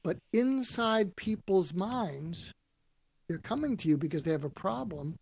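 Guy telling stories on a podcast, kinda high voice, dry mic, does little voices for quotes. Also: a little slow, gravelly, husky, no echo. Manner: animated storyteller acting out quotes. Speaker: guest, author and speaker. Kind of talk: storytelling interview answers.

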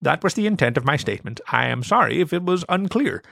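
A man's voice: fairly high pitch, very animated, fast talker, creaky, sharp tone, no echo, studio quality, voice pushed up, exaggerated voice. A man voicing a formal alien transmogrifier machine that speaks in stiff, precise, polite phrasing.

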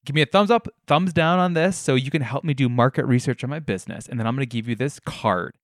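A man's voice: mid-range voice, fast, dry recording, studio quality, natural voice. A man voicing a pushy, insistent door-to-door salesman in a story he tells on his podcast. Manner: pushy, wheedling.

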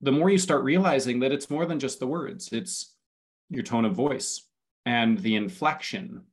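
A man talking as a guest on a podcast in a casual interview. His voice is mid-pitched, and he explains his ideas with enthusiasm, stacking his points one after another. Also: moderate pace. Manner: enthusiastic, explanatory, speaks in building lists. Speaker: podcast guest, community consultant.

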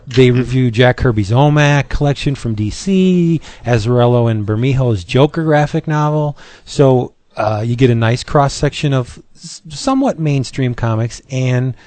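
A man's voice: medium pitch, moderate pace, hardly any pauses, darkish tone, no room sound. Chatty man reviewing comics. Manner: enthusiastic, chatty. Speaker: podcast host reviewing comics. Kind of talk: casual chat.

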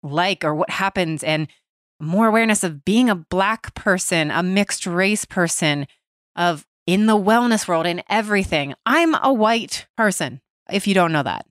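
A woman's voice: on the low side, expressive, measured pace, a bit bright, dry recording, clean studio sound. A woman in her thirties hosting a podcast, talking animatedly and openly, with swearing and laughter. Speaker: podcast host. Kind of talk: casual chat.

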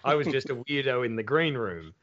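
A man with an Australian accent, a comedian telling stories in casual podcast chat, animated and swearing freely. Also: medium pitch, a little fast, a little hiss or hum. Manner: animated storyteller, swears freely, acts out quotes. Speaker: comedian guest. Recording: dull lo-fi audio.

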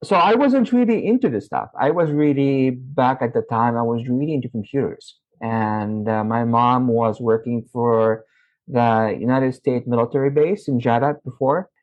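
A middle-aged man from Saudi Arabia, a podcast guest telling stories from his youth in an animated way. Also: mid-range voice, normal speed. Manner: animated, acts out his own past dialogue. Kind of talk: interview storytelling. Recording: slightly muffled audio.

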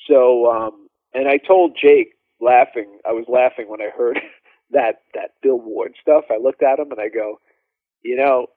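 Drummer telling stories over a phone line. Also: male voice, mid-range voice, a little slow, dry recording. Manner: animated, laughing storyteller, many fillers. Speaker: guest drummer. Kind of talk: casual storytelling interview.

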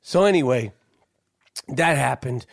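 A man hosting a podcast, telling a story in a lively, profane, casual chat. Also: mid-range voice, a little slow, vocal fry. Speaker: podcast host.

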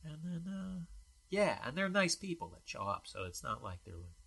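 A man hosting a podcast from his apartment, chatting casually in a dry, halting, self-deprecating way. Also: on the high side, sing-song, gravelly, bright, forceful tone, husky. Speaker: podcast host and comedian. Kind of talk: casual chat.

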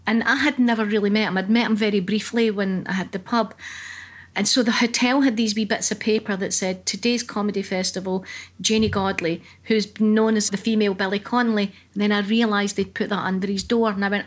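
A middle-aged Scottish woman telling stories in a relaxed chat. She talks in a lively, salty way and swears freely. Her voice sits at an ordinary pitch for a woman. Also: fast talker. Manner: lively, profane storyteller. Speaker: comedian guest. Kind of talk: casual chat.

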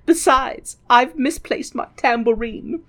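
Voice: mid-range voice, slow pace, bright, forceful tone, voice pushed up. A podcaster voicing a stiff, traditional mother superior nun. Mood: resigned.

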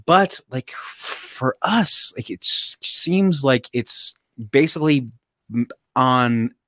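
A man co-hosts a podcast in casual conversation, rambling with lots of fillers and restarts. His mid-range voice is expressive, slow, pushed and bright, recorded at studio quality with no room sound.

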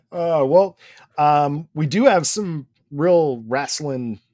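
A man's voice: fairly high pitch, a little mellow, no room sound. A man co-hosting a podcast in casual chat, answering with wry, dry short quips. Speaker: podcast co-host.

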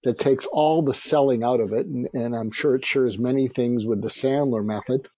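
Male sales trainer, interview guest, husky, dry close sound, frank storyteller. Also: medium pitch, normal speed, warm tone, dry recording. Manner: anecdotal, frank.

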